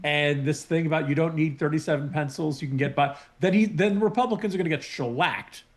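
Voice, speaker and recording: Guest pundit guy on a video call, slightly higher voice, careful and analytical. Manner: measured and analytical, hedges his points. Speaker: guest columnist and podcaster. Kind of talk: talk radio panel discussion.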